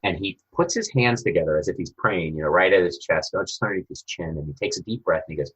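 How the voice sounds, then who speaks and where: A man being interviewed as a guest coach developer, talking in an animated storytelling way. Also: sits low, quick pace, breathy edge, poor audio. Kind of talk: conversational interview.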